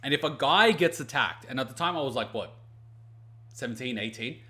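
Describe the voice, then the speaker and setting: A man's voice: medium pitch, fairly quick. A man hosting a let's play, telling stories and ranting in casual commentary, swearing freely. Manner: animated, ranting storyteller who swears freely. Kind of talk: casual commentary over gameplay.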